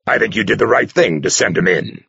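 A man voicing a gruff, sarcastic older abbot who roars and growls. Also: lowish voice, a little fast, sharp tone, no echo, muffled recording, pitched above the performer's own voice, full character voice. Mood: exasperated. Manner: roaring, growling, mocking.

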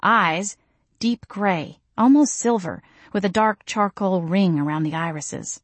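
A woman's voice: medium pitch, measured pace, no echo. A woman reading a first-person audiobook in a wry, self-deprecating way. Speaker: audiobook narrator.

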